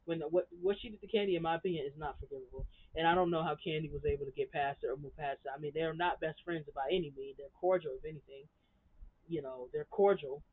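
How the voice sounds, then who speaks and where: A woman's voice: deep voice, quick pace, husky. A woman reviewing a reality TV episode in a heated, blunt rant full of profanity. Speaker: reality TV recap vlogger. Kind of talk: casual ranting commentary. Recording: tinny phone-like recording.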